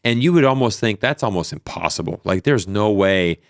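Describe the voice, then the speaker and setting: A podcast guest in his thirties, his voice fairly low and brisk, tells stories in a casual interview recorded with studio quality and no echo. He's an animated storyteller, full of fillers and restarts.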